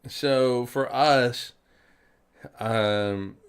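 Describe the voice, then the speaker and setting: A man talks slowly through a casual podcast chat. His voice is clean and resonant. He wanders, restarts and fills gaps with "um" and "you know.". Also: mid-range voice, clear, resonant tone. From South Carolina, US. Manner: rambling, many fillers and restarts. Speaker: podcast co-host.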